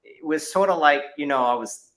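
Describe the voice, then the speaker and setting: A man's voice: on the high side, moderate pace, fairly bright tone. A middle-aged man, a martial arts instructor, telling his story in a casual interview over a video call, with many fillers and restarts.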